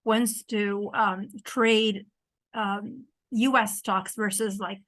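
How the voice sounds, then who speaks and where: A woman hosting a conversational interview, asking questions haltingly with brief reactions. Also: medium pitch, steady tone, a bit bright, no echo. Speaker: interview host.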